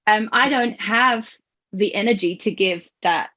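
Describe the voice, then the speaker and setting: A woman hosting a podcast, telling stories with lively acted-out quotes and frequent laughter. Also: medium pitch, measured pace. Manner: animated storyteller who acts out quoted voices and laughs often. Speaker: podcast host. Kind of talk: conversational podcast discussion. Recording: dull lo-fi audio.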